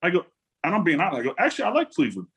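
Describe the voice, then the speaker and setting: This man in his forties, a former football player appearing as an interview guest, speaks in a high-pitched, rapid-fire voice with big pitch swings, vocal fry, and a slightly bright, husky quality. He tells stories animatedly in a casual interview, acting out quotes and laughing often.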